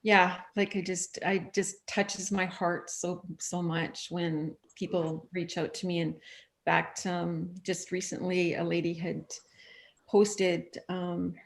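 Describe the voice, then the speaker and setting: A woman, a guest author, chatting casually on a live show and telling stories with lively, acted-out quotes. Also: lowish voice, unhurried, gravelly. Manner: animated storytelling, acting out quoted voices. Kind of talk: casual chat.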